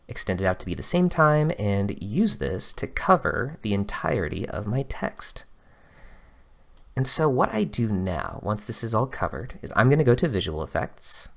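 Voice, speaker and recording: A man hosting a screen-recorded software tutorial, explaining each step in a relaxed, conversational way. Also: on the low side.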